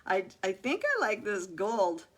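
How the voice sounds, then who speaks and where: A woman's voice: mid-range voice, wildly swooping pitch, unhurried, a bit bright. An older woman hosting a casual crafting livestream, chatting straight to her viewers, exclaiming and laughing often as she works.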